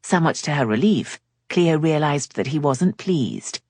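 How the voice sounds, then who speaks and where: A woman narrating a romance novel in measured storytelling, recorded on a close studio mic. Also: deep voice, lively intonation, darkish tone, breathy edge, no room sound. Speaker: audiobook narrator. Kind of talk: scripted narration.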